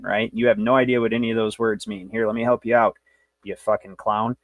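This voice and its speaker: A man's voice: fairly low pitch, fairly even intonation, fairly quick, dry recording. A man hosting a livestream, lecturing in a brash, rambling, profane way. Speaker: show host.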